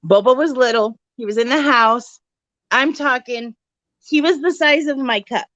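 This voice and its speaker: A woman co-hosting a true crime podcast in casual chat, an animated storyteller who acts out voices. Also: high voice, moderate pace, no room sound, dull audio. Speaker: podcast co-host.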